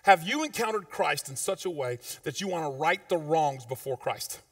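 A man preaching a sermon as pastor, in a conversational, informal way with slang, swinging between loud emphatic peaks and low quiet asides. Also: expressive, moderate pace, no room sound, clean studio sound, far from the mic. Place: church sanctuary.

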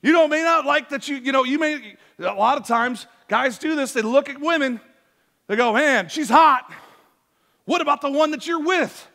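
A man preaching a sermon as pastor, animated, swinging from soft asides to loud, emphatic bursts. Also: very high-pitched, moderate pace, gravelly, in a large hall. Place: church sanctuary.

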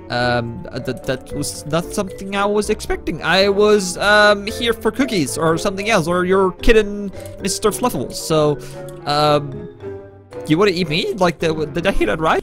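A man's voice: high voice, normal speed, music in the background. A man giving gameplay commentary as a YouTuber, panicky and stammering. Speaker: gaming YouTuber.

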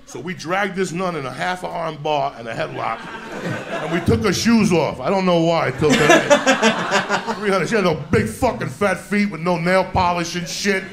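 A gravelly, fairly high-voiced man rattles off a foul-mouthed stand-up tale, often breaking into shouts. He plays a roomy venue, with loud audience laughter rolling under him. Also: background noise. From New Jersey. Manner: profane, shouting, rapid-fire storytelling. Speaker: stand-up comedian. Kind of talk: stand-up storytelling. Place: comedy stage before a live audience.

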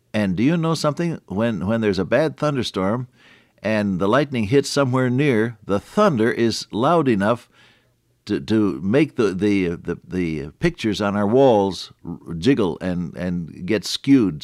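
A man's voice: on the low side, dry recording, studio quality. An older man giving a folksy radio sermon, chatty with frequent restarts and chuckles. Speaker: radio preacher.

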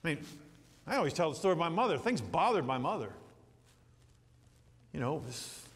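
Here a middle-aged pastor speaks at a moderate pace in a slightly high voice, delivering his sermon in the church sanctuary. Folksy, lively tales come with small acted-out scenes, all carried on long reverb from the hall.

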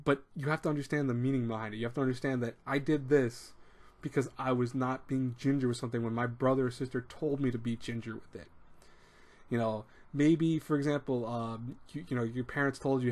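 A man's voice: mid-range voice, fairly even intonation, fairly quick, a little mellow. Rambling man giving casual advice. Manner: rambling, repeats words, acts out quoted speech. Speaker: advice show host. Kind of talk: casual advice talk to camera.

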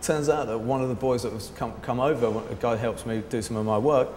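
A man casually telling a story, rambling with lots of "like" and swearing, raising his pitch when quoting people. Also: a little fast, a little mellow, slight background noise. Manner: rambling, says "like" often, swears freely; raises his pitch sharply to act out quoted people. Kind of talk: casual anecdote to camera. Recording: echoey room with long reverb.

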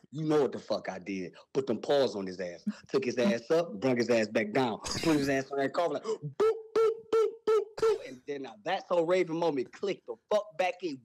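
A young man telling a wild story on a podcast, loud and animated, with sound effects and profane slang. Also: mid-range voice, low-quality recording.

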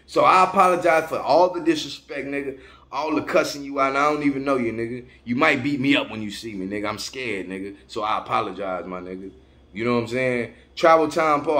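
A man's voice: on the high side, fairly bright tone. A man in his forties, a travel vlogger, ranting straight to camera in a confrontational, heavily profane way. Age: 40s. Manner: confrontational, profane, heavy repeated slang. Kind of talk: angry direct-to-camera rant.

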